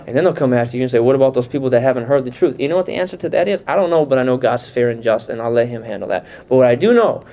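A man's voice: mid-range voice, expressive, very fast, few pauses. Man, pastor teaching scripture, conversational, asks questions, muffled lo-fi sound. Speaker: pastor teaching a Bible class. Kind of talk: teaching sermon.

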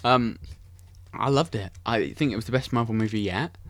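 A man's voice: mid-range voice, moderate pace, a bit bright. A young man hosting a casual podcast, rambling enthusiastically about films and often correcting himself. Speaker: podcast host. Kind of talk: casual film chat.

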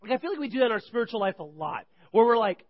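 High-pitched guy preaching at church, jokey and animated, kinda dull lo-fi audio. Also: very fast. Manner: animated, joking, rambling with restarts. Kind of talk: humorous sermon storytelling. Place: church service. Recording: dull lo-fi recording.

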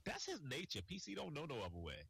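Husky guy cohosting a wrestling podcast, loud, swears a lot, voice jumps all over. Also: a little high, wildly swooping pitch, quick pace, poor audio. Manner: loud, profane, laughs often. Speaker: podcast co-host. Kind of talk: casual chat.

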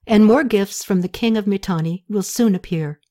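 A ceremonious male scribe in an audiobook who declaims a royal message slowly and solemnly, with each phrase weighted, as a woman narrator voices him. His delivery stays formal and measured. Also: medium pitch, dark tone, close to an everyday voice.

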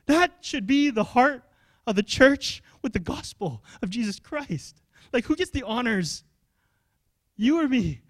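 A young adult male pastor, preaching a sermon in an animated, conversational way and asking the congregation questions. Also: extremely high pitch, unhurried, no room sound, clean studio sound.

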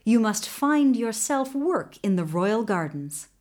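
A woman's voice: on the high side, very animated, slow, darkish tone. A woman voicing Kaitas, a wise magical flying colt. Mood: calm instruction.

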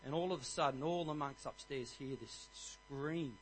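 A man in his forties giving a jokey, energetic church talk on marriage and rallying the congregation. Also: mid-range voice, moderate pace, a little hiss or hum, rough recording. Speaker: guest speaker at church.

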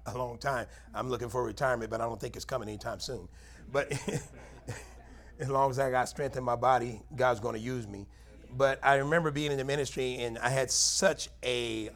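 A middle-aged man, a longtime pastor, preaching a Bible study sermon in a folksy, conversational way, with sudden high, loud bursts for emphasis.

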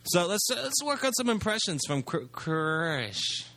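A man's voice: sits high, big pitch swings, unhurried, pushed and bright, dry recording. A man hosts a loose, profanity-heavy chat among friends in a slightly raised voice, calling up the next bit and laughing along with the others. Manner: profane, steering the segments, laughing. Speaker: podcast host. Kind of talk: crude joking banter among friends.

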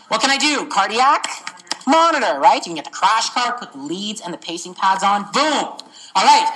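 An energetic woman tutoring for a medical exam, keeps asking the class whether they follow. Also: on the high side, poor audio. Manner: energetic, keeps checking understanding. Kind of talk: interactive teaching session.

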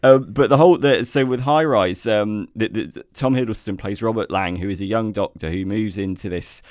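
Deep-voiced British man reviewing films. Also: normal speed, no room sound, studio quality. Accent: British English. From Britain. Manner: hesitant, many fillers and restarts, lively when enthused. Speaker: podcast co-host, film reviewer. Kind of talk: casual film discussion podcast.

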